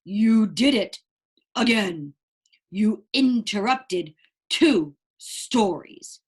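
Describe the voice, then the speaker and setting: A woman voicing a patient father from a storybook who calmly, gently scolds his child at bedtime. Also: mid-range voice, very slow, breathy edge, full character voice. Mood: gently scolding.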